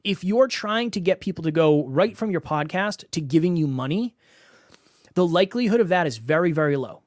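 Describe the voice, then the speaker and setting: A man delivering a solo podcast monologue in a slightly high voice, recorded close and dry. He coaches with emphatic, repeated words for stress. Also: expressive, brisk, dry recording.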